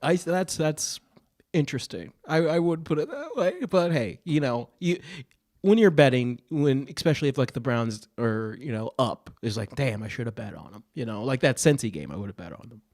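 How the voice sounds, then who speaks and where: A man's voice: medium pitch, lively intonation, normal speed, darkish tone. Chill guy on a podcast, joking around, voice goes up and down a lot. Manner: laid-back, laughing, playful. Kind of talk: casual chat.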